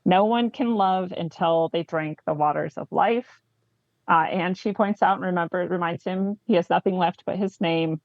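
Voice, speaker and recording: Low, gravelly woman, enthusiastic co-host. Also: normal speed, no echo, phone-quality sound. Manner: enthusiastic, frequent "right?" asides. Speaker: book club co-host. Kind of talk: casual book discussion, reading passages aloud.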